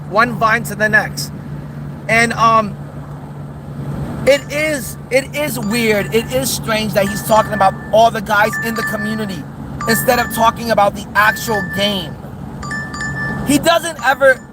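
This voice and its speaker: A man's voice: high voice, noisy background. A man hosting a livestream, ranting in a taunting, mocking, repetitive way. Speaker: streamer host. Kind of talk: livestream rant.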